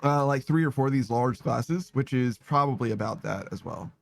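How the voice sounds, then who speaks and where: A man's voice: medium pitch, normal speed, creaky, no echo. A man streaming a game, chatting casually with his viewers, rambling, laughing often and swearing. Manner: giggly, rambling, self-mocking, swears a lot. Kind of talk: casual live-stream chat while gaming. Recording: dry close mic with faint music behind.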